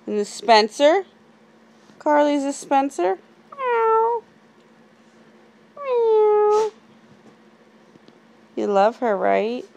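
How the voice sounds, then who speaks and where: High sing-song woman doing baby talk. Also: creaky. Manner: sing-song, gasping with excitement. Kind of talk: coaxing baby talk to a toddler and pets. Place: home, indoors.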